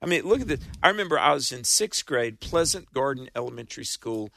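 A gravelly man in his sixties tells stories about the old days on a radio show. His tone is bright, and the studio sound is dry and close. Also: medium pitch, lively intonation, a little fast, no echo. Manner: storytelling, nostalgic. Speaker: radio co-host. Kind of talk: casual studio chat.

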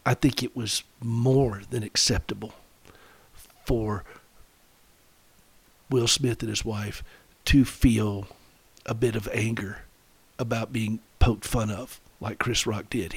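A middle-aged man hosting a radio show for caregivers, talking earnestly and confessionally and slowing down to read quotes and scripture. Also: lowish voice, creaky, breathy edge, no echo. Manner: earnest, confessional, reads quotes slowly and deliberately. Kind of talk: reflective radio talk with scripture readings.

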